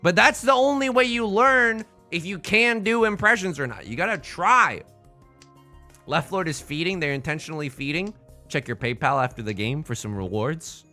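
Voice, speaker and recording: A man's voice: fairly high pitch, expressive, normal speed, sharp tone, faint music behind. A young man chatting casually on a livestream while he plays, joking and rambling through playful asides. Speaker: streamer.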